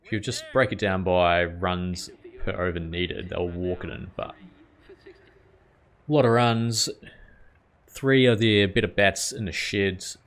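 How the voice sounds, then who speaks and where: A man giving casual, excitable commentary over his own video game play, reacting loudly and swearing at the game. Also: low voice, a little slow, pauses often. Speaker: gaming channel host.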